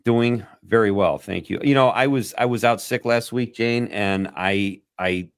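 A man's voice: on the low side, dry recording, clean studio sound. A man hosting a radio talk show, chatting casually and playfully, joking with his guest. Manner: playful, joking, laughs easily.

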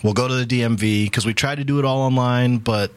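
A man being interviewed on a talk radio show, telling stories quickly and casually with lots of fillers. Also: medium pitch, steady tone, no echo. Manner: quick, chatty, many fillers. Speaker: guest, voter ID coalition coordinator.

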